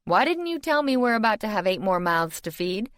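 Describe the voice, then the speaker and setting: A woman's voice: medium pitch, big pitch swings, fairly quick, no echo, clean studio sound, voice pushed up, natural voice. A woman voicing a stern housekeeper woman who scolds sharply, in an audiobook. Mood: scolding.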